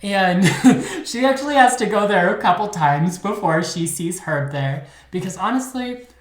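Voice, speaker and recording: A woman's voice: mid-range voice, animated, measured pace, reverberant. A woman co-hosting a podcast, telling a true crime story in a chatty, sassy way with lots of fillers. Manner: chatty, filler-heavy, dramatic retelling with sass. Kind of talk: casual storytelling chat.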